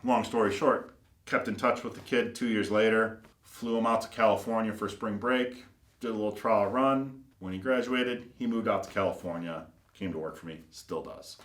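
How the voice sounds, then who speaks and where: Speaking at a moderate pace, this shop owner, who builds custom cars, has a fairly low voice with a bit of brightness. His anecdotes wander, stuffed with fillers and acted-out dialogue, all captured with a roomy echo.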